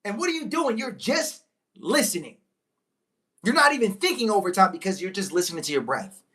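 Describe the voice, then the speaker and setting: A woman giving a motivational talk to viewers, preachy and emphatic, repeating key lines, slowing on big points and breaking into excited exclamations. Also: medium pitch. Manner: slows right down on key phrases. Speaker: motivational speaker. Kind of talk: live-stream motivational talk.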